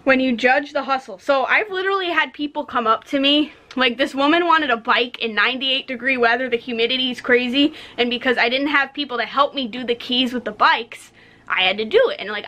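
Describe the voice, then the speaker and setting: Bright high-voiced young woman ranting. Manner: blunt, profane, animated storytelling. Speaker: podcast co-host. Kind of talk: casual rant.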